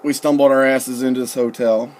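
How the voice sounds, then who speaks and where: A young man casually telling a story, profane and relaxed, quoting people with "I'm like" and "he goes.". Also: medium pitch, a little fast. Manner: profane, laid-back, quotes others with "I'm like" and "he goes". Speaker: storyteller recalling his recruit days.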